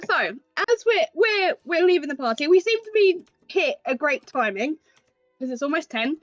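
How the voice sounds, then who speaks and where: A woman's voice: sits high, very animated, normal speed, no echo, muffled recording, soft background music. A woman narrating as game master of a tabletop game, in a descriptive storytelling manner over a call mic.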